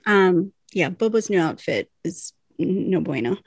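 A woman's voice: on the low side, a little slow, husky, no echo. A woman co-hosting a podcast, narrating an episode scene by scene. She acts out the characters' lines as she goes. Her voice is close and dry. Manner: animated storytelling, acts out lines. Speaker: podcast co-host. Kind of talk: casual recap chat.

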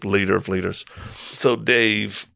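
A man's voice: lowish voice, measured pace, creaky, dry recording. A middle-aged man and former Marine telling stories in casual conversation, acting out quotes and sound effects as he goes. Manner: animated storyteller, acts out quotes and sound effects.

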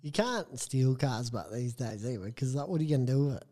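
A laid-back young man with a mellow, darker voice chats on a podcast. His replies are short and relaxed, with casual swearing thrown in. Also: mid-range voice, fairly quick. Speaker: podcast co-host. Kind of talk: casual chat.

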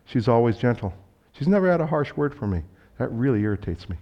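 A man preaching a sermon as a pastor, telling stories in a conversational way and acting out dialogue with sudden loud bursts. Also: mid-range voice, very animated, a little fast. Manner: conversational, speaks directly to the congregation.

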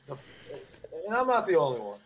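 A man's voice: a little high, huge pitch swings, fairly quick, slightly rough, rough recording. A man telling stories in casual podcast chat, animatedly acting out coworkers' voices. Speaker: cigar company guest.

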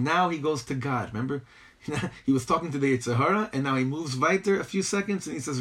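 A man at a mid pitch with a husky edge teaches from a sacred text. He drives his points home with pointed rhetorical questions and drops Hebrew and Yiddish phrases into his English as he goes. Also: lively intonation, moderate pace, a bit bright. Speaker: Torah teacher. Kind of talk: text-based lecture.

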